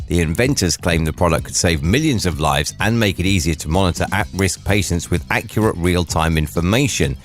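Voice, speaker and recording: A man's voice: low voice, expressive, fairly quick, hardly any pauses. A man hosting a drivetime radio show, chatting casually and cracking jokey asides.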